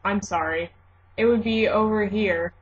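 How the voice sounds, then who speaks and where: A woman's voice: medium pitch, a little slow, slightly rough. A young woman from Michigan with a mixed Midwestern and South Jersey accent, chatting casually in a vlog, rambling with fillers and self-corrections, then reading a word list. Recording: dull lo-fi home video audio.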